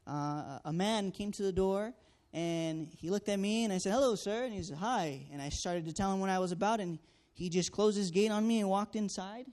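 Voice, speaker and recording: Speaking as a student canvasser, a man earnestly tells his testimony like a story, acting out every exchange and relying on fillers. His voice is somewhat high for a man, darkish in tone, and he talks at a normal speed.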